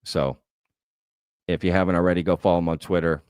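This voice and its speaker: A man's voice: low-pitched, fairly even intonation, fairly quick, darkish tone, smooth, no room sound, studio quality. A man hosting a livestream Q&A, thinking aloud in a conversational way and often tagging his points with "right?". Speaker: host. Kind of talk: livestream Q&A, reading chat comments.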